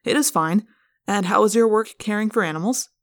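A woman's voice: mid-range voice, fairly quick, close to an everyday voice. Woman doing earnest alien boy, stiff formal cadence, audiobook feel. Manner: careful, literal, formal cadence. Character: curious earnest alien boy in human form. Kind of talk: fan audiobook reading.

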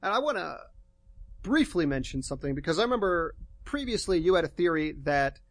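A young man co-hosting a podcast, casually recapping a TV episode in a relaxed, meandering way. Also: a little high, fairly quick, no room sound. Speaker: podcast co-host.

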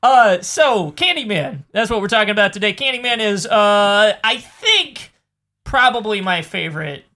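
Young male podcast host, high voice, bright tone, easygoing rambling chat. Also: expressive, moderate pace.

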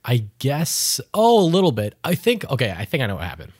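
A man's voice: mid-range voice, wildly swooping pitch, fairly quick, a little mellow, no room sound, clean studio sound. A man co-hosting a podcast, playful and jumping between ideas in casual chat. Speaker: podcast co-host.

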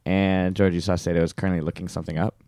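A young man hosting a casual podcast, joking in a deadpan way. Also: sits low, rapid-fire, slight background noise. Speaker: podcast host. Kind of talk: casual chat.

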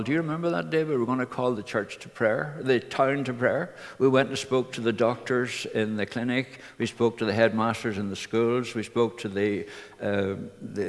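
Older minister telling stories to his church, mid pitch, echoey hall. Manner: earnest anecdotal storytelling. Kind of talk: personal testimony to a congregation. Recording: reverberant hall.

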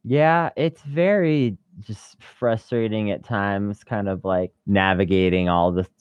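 A man co-hosting a podcast, speaking in a relaxed, thoughtful and slightly hesitant way. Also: on the low side, takes it slowly, clean tone, no room sound. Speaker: podcast co-host. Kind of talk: casual political chat. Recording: dull, dry close-mic sound.

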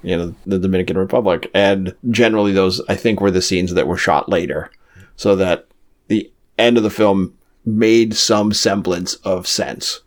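A man with a fairly low voice chatting on a podcast, dry and deadpan in his jokes. He plays off his co-host with easygoing, wry remarks. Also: measured pace. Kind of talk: casual chat.

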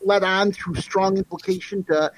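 A man co-hosting a casual discussion, giving a measured, reasoned reply. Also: sits high, steady tone, dry recording, poor audio.

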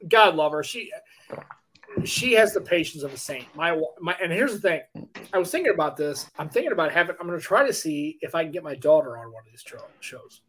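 A middle-aged American man co-hosting a podcast, talking in an excitable way, swearing freely and laughing often. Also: a little high, brisk. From United States. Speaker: podcast co-host. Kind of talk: casual chat.

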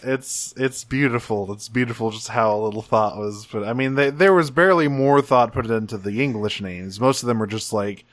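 A man's voice: mid-range voice, moderate pace, few pauses, no echo. Dry-sounding man in casual chat. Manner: enthusiastic, rambling, swears casually. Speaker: podcast co-host.

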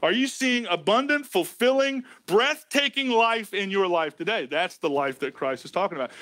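A man preaching a sermon as a pastor, emphatic and folksy, swinging between loud lines and hushed ones. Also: high voice, animated, normal speed, hardly any pauses, no echo. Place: church sanctuary.

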